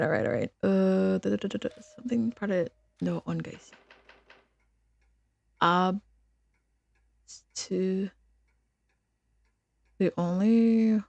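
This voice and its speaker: A woman's voice: fairly low pitch, creaky, no room sound. A woman streaming a game, chatting casually with her viewers in a teasing, giggly way and reading the game's text aloud. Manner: teasing, giggly banter with chat.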